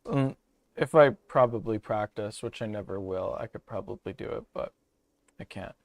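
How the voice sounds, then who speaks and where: A man's voice: on the low side, moderate pace, no echo. A young man from Canada, rambling profanely through casual gaming commentary. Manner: rambling, profane, jokey asides. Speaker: streamer.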